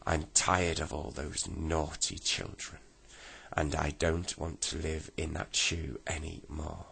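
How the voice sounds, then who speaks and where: A cross, defiant old woman, as a man reading a storybook puts her on, her voice raised and pushed higher than his own. It stays gravelly and husky underneath, and it comes out slow. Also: flat delivery, bright, forceful tone, full character voice. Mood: smug.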